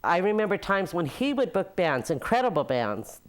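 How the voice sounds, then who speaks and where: An older woman speaking in a notably low voice, reminiscing in a documentary interview. She tells her stories with laughter breaking in, unhurried and personal. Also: sing-song. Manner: warm storytelling with frequent laughs. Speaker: former nightclub owner.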